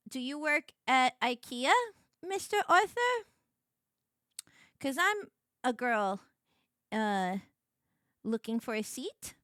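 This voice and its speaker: Giggly woman streamer, high lively voice, gushing casual chat, dry close mic. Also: slow pace, pauses often, no room sound.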